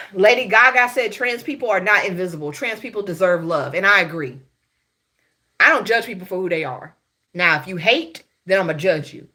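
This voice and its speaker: Southern woman from houston spilling tea, bright punchy voice, cusses and cracks up a lot. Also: mid-range voice. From Houston, Texas. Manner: sassy, profane, laughing asides, addresses viewers as y'all. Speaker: gossip show host. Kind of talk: casual gossip monologue.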